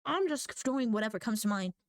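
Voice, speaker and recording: A teenage girl ranting as a vlogger, telling stories in an animated, rambling way that keeps correcting itself. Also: fairly high pitch, fairly quick, clear, resonant tone, no echo, studio quality. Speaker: VTuber vlogger. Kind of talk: rambling rant.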